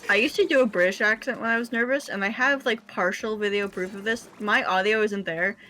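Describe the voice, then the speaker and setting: Woman streamer, casual gaming chat, mid-pitched, salty language, animated storyteller. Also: a little fast, a little hiss or hum. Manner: swears freely, animated storytelling.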